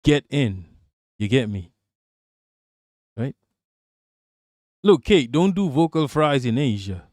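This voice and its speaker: A man's voice: medium pitch, very animated, takes it slowly, pauses often, darkish tone, no room sound, studio quality. A man hosting a live stream, joking crudely and answering viewers by name in casual chat.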